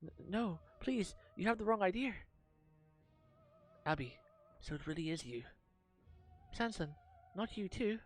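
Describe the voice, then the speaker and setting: A man's voice: fairly high pitch, moderate pace, faint music behind, voice pushed up, natural voice. A man voicing a frightened young girl who prays and pleads in secret. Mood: panicked.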